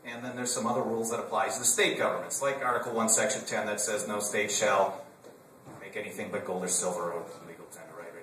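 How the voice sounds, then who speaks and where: A man's voice: lowish voice, fairly even intonation, quick pace, fairly bright tone, slight background noise. A man from Wisconsin giving a humorous political talk to a live audience, conversational and full of joking asides. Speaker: conference speaker. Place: conference room with an audience. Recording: roomy hall from a distance.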